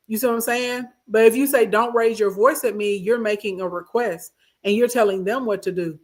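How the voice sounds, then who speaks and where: A woman's voice: mid-range voice, steady tone, a little fast. Woman host, casual relationship-advice talk, emphatic and repetitive, mid-range voice. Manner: emphatic, repeats herself, checks in with listeners. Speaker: host answering viewer comments.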